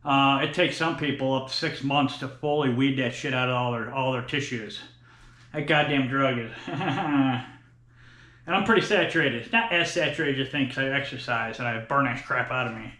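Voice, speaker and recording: A man's voice: mid-range voice, normal speed, pushed and bright. A man in his forties filming a workout vlog in a gym, breathless between sets and talking bluntly with plenty of swearing. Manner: profane, blunt, talks between sets with sighs. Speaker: fitness vlogger. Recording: echoey gym room.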